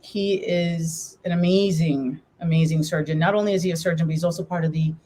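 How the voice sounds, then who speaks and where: A woman's voice: lowish voice, brisk, warm tone. A woman guest in a live interview, telling a personal story in an earnest, candid way and acting out past conversations. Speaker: guest, breast cancer survivor and coach.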